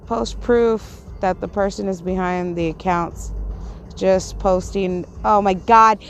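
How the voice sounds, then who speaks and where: A woman's voice: mid-range voice, slow pace, a little hiss or hum. A woman hosting a livestream, ranting in a profane, confrontational and scolding way. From Puerto Rico. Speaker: livestream host. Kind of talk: angry livestream rant.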